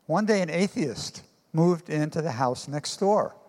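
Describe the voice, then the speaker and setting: A male pastor preaches, moving through his stories with pauses and fillers. His voice sits slightly high for a man. A long hall reverb trails behind his words. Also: expressive, a little mellow. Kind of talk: sermon.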